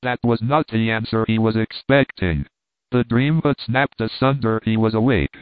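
A man's voice: fairly low pitch, clean tone, dry recording. Man narrating a storybook, phone-thin sound. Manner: measured storytelling reading. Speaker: audiobook narrator. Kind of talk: scripted narration. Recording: tinny phone-like dry recording.

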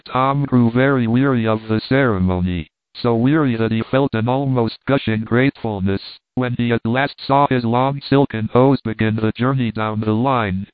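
Male audiobook narrator, steady storytelling read; lo-fi telephone-band, no room sound. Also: medium pitch, dry recording. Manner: measured storytelling reading. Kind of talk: scripted narration. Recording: tinny phone-like dry recording.

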